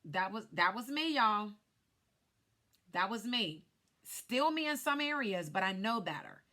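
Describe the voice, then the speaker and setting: A woman's voice: mid-range voice, big pitch swings, measured pace, pushed and bright. A woman who works as a life insurance agent, casually telling viewers her personal story in a chatty vlog. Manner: chatty, speaks straight to viewers.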